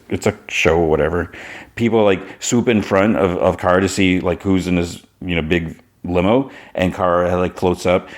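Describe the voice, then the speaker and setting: A man hosting a podcast, recapping an episode in a loose, rambling way with many fillers. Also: low voice. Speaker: podcast host.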